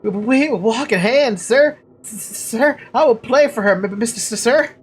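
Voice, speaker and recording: A woman's voice: fairly high pitch, moderate pace, husky, pitched above the performer's own voice. A woman voicing a timid, lovesick male violinist from a village who stutters heavily and pleads. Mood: pleading.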